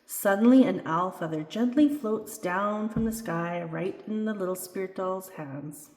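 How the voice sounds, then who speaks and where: A woman reading her own children's book aloud, expressive and playful. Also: mid-range voice, measured pace, soft background music. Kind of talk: storybook read-aloud. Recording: echoey room with long reverb.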